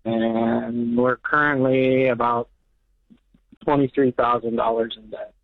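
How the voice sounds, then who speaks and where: A man's voice: mid-range voice, steady tone, slow, no echo. A nervous man phones in to a radio advice show, his voice thin and tinny over the line. He speaks hesitantly, stumbling through fillers as he explains himself. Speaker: caller. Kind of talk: call-in question.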